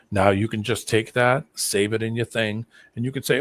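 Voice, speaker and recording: A man's voice: lowish voice, brisk, hardly any pauses, dry recording. A man in casual chat on a live stream video call, rambling and conspiratorial as he explains something. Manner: rambling, conspiratorial, talks over the other man.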